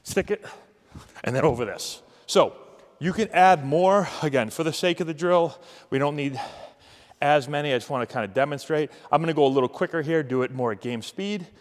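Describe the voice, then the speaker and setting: A man coaching youth agility drills, giving energetic, encouraging cues while demonstrating. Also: on the high side, fairly quick, long reverb tail. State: out of breath. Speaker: baseball coach.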